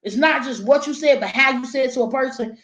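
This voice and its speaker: A woman's voice: high voice, fast talker, fairly bright tone, reverberant, highs cut off. A woman chatting casually to her viewers, blunt and opinionated, swearing freely. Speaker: vlogger. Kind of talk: casual talk while eating, reading chat.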